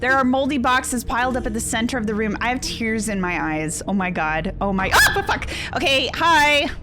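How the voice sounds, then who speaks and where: A woman's voice: a little high, expressive, moderate pace, music in the background. A young woman streaming, reading a horror text game aloud and reacting with yelps, swears and nervous laughs.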